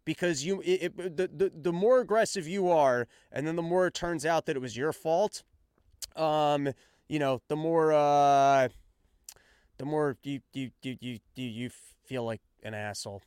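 A man's voice: on the high side, measured pace, darkish tone, smooth, dry recording, clean studio sound. A man who is a stand-up comedian hosting his own show, talking in a casual, rambling, self-mocking monologue with stumbling restarts. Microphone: self-filmed on action camera.

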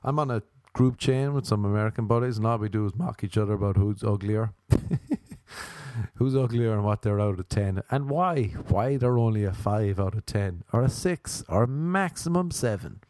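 Irish comedian, low voice, dry close sound, swears freely, laughs as he tells stories. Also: normal speed, darkish tone, no echo. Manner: profane, laughing, acts out quoted voices. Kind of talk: casual comic storytelling.

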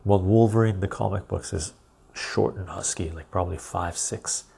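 Gravelly, low-voiced man chatting on a live stream. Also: steady tone, normal speed, dark tone. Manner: rambling, reads out and answers viewer comments. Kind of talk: casual live-stream chat.

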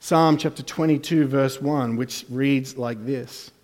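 Slow and fairly even in intonation, a male pastor preaches a sermon in an echoing church hall with long reverb. Still, he swings dramatically between quiet, low asides and loud, emphatic passages.

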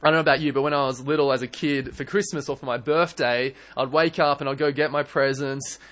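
A young man preaching a sermon in church, earnest and animated, often restarting his words. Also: medium pitch. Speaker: pastor.

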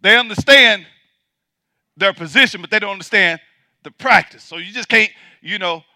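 High, bright-voiced man preaching emphatically. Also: moderate pace, no echo, clean studio sound. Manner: emphatic, repeats points for the congregation; swings from loud preaching to quiet asides. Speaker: pastor. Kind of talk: sermon.

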